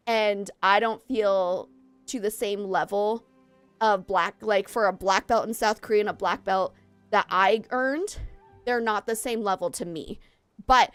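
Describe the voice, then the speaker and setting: Woman streamer, high-ish voice, dry close sound, faint game music behind, rambly and a bit breathless. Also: dry recording. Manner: rambling, chatty, jumps between topics. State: slightly out of breath. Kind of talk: casual chat while streaming a game.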